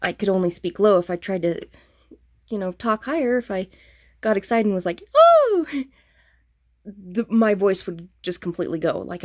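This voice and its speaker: A woman vlogging casually about her cross-stitch progress, with a throaty, flat voice and a self-deprecating, apologetic, rambling way of talking. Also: mid-range voice, no echo. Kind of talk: casual show-and-tell chat.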